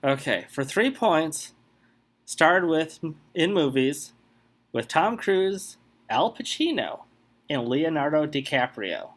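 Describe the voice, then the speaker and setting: Lively bright-voiced man hosting a quiz. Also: a little high, slow pace. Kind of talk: casual podcast quiz game.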